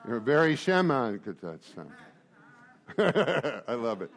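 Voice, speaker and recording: A man around sixty giving a joking, animated talk to a recovery group, full of rhetorical asides. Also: mid-range voice, slow pace. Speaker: recovery meeting speaker.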